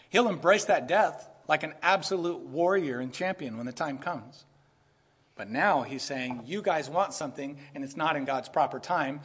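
A man preaching an expository sermon in a lively way, often laughing and acting out quoted voices. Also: fairly high pitch, breathy edge. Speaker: pastor.

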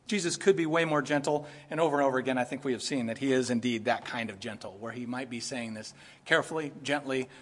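A man preaching an expository sermon in a lively way, often laughing and acting out quoted voices. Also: medium pitch. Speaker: pastor.

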